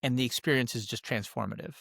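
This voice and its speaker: A man co-hosting a podcast in casual chat, excitable and rambling, restarting his sentences. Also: mid-range voice, fast talker, gravelly, no room sound, clean studio sound. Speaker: podcast co-host.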